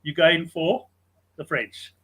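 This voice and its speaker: A man hosting a sports betting show, chatting casually and telling stories in an animated way. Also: on the high side, slow pace, husky. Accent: South African English.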